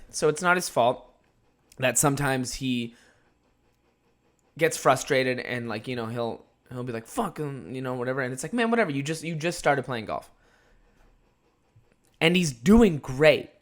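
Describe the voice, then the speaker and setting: Rowdy young man, solo podcast host, loose profane storytelling with lots of laughter. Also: on the high side. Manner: animated, profane, rambling, laughs often.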